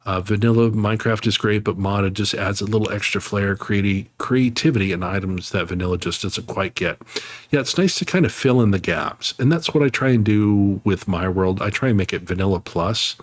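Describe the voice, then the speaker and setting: A man's voice: on the low side, a little fast, no room sound. A man chatting casually on a live game stream, thanking viewers and laughing easily.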